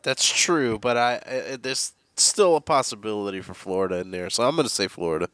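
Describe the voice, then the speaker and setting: Lowish voiced dude, short chill answers, swears a bit, dry close sound. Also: male voice, fairly quick, a bit bright, no room sound. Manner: short laid-back remarks, casual swearing. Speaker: quiz contestant. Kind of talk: casual podcast chat.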